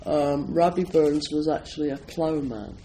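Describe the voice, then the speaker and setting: A man's voice: a little high, fairly even intonation, unhurried, mellow, a little hiss or hum, low-quality recording. An older man from Scotland giving a chatty, digressive talk at a Zen centre, laughing often as he introduces a poem. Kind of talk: casual talk introducing a poetry reading.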